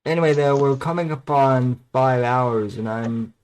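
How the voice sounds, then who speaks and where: A man chatting casually on a livestream, hesitant and halting. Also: mid-range voice, darkish tone, clear, resonant tone. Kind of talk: casual group chat on a livestream.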